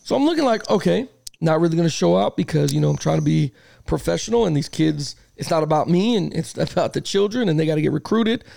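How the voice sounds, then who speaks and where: A man hosts a casual sports podcast in a high, gravelly voice. He tells his stories with plenty of swearing and acts out both sides of each argument. The sound is dry and close. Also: quick pace, no room sound. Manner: animated storyteller, swears a lot, acts out arguments. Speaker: podcast host; youth football coach.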